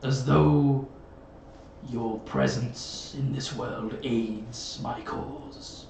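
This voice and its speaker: A man voicing a crow familiar that speaks into minds, slow and knowing. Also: gravelly, darkish tone, echoey room, recorded from a distance, a little hiss or hum. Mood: sly, knowing. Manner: slow, low, knowing speech. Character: telepathic crow familiar, ancient and sly.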